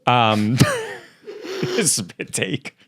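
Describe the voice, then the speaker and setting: A man's voice: mid-range voice, huge pitch swings, extremely slow, fairly bright tone, husky. A young man co-hosting a casual podcast, teasing his partner and leading into segments. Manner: teasing and goofy. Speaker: podcast co-host.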